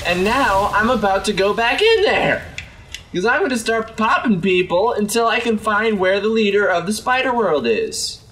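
A man's voice: normal speed, recorded from a distance, a little hiss or hum. A young man giving joking let's play commentary, chatting to game characters as he plays. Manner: jokey, talks to game characters, lively swings in pitch. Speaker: gaming video host.

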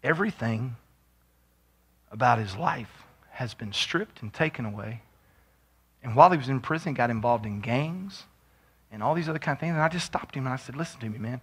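A man preaching a sermon as pastor, moving from quiet storytelling to shouted exhortation. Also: mid-range voice, expressive, brisk, long pauses, husky.

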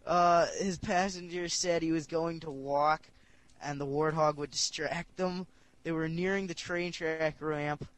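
A man's voice: fairly high pitch, fairly even intonation, measured pace, fairly bright tone. Laughing male podcast host. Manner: laughs often, jokey. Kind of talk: casual chat, reading listener stories aloud.

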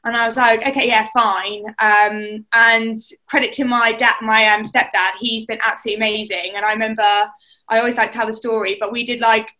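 A woman's voice: fairly high pitch, little pitch movement, a little fast, pushed and bright, poor audio. A young woman from England, a netball player, telling stories in a casual chat and acting out what people said. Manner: chatty storytelling, acts out quotes.

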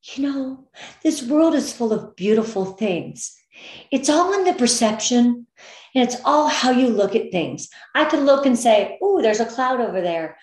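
A woman's voice: a little high, expressive, a little slow, a little mellow. Upbeat woman coaching in an echoey room. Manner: upbeat and encouraging, gets emotional. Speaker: direct sales team leader. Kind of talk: motivational business training.

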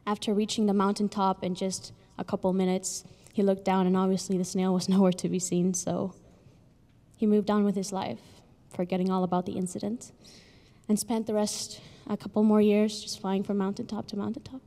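A young woman giving an emotional graduation speech, telling a story earnestly with pauses, recorded in a large ceremony hall with long reverb. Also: medium pitch, little pitch movement. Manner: earnest, pausing, with soft laughs. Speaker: graduation speaker.

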